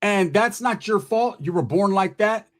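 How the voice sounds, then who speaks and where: A man's voice: high-pitched, measured pace. A man hosting his own channel, delivering a profane, taunting roast of a rival in a casual, street-slang rant to the camera. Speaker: channel host.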